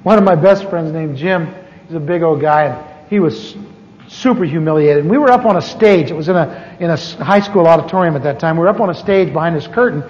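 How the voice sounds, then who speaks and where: High-voiced pastor in a reverberant hall. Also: male voice, fairly quick, darkish tone. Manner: humorous, self-mocking storytelling. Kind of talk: storytelling sermon. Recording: dull lo-fi recording with long hall reverb.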